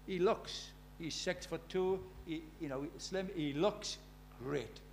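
A South Welsh man preaches with earnest conviction, his voice sitting a little higher than most men's. He swings between loud, pressing emphasis and quiet, confiding stories, with a faint hum behind him. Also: takes it slowly, creaky. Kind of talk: sermon with personal stories.

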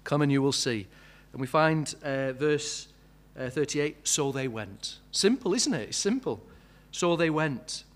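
A man's voice: a little high, expressive, a little slow, hardly any pauses. A man preaching a sermon, asking many questions and building to emphatic peaks.

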